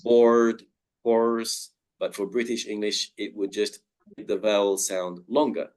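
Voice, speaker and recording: A man runs an online pronunciation lesson at a slow, careful pace. He stretches out each example word with care, using a lively pitch.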